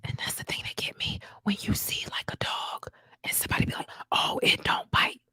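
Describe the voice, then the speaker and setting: A woman host giving whispered news commentary in a husky whisper, animated and profane, repeating herself for emphasis. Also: fairly quick, no echo. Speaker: channel host.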